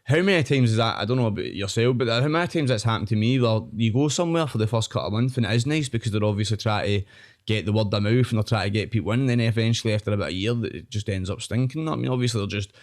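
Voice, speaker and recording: Rapid-fire Scottish man, rambling. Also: fairly low pitch. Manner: rambling, fast, keeps adding "know what I mean". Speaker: guest. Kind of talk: casual chat.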